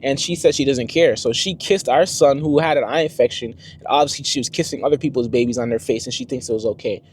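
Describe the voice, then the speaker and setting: A man's voice: mid-range voice, quick pace, hardly any pauses, a little hiss or hum. A young man and first-time father telling a story to the camera in a casual, slangy vlog style. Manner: slangy, conversational, animated retelling.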